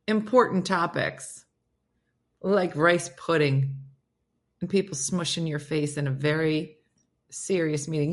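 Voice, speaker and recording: A woman with a low voice takes her time as she hosts a relaxed morning livestream on her phone. She banters playfully with her viewers and with her dog.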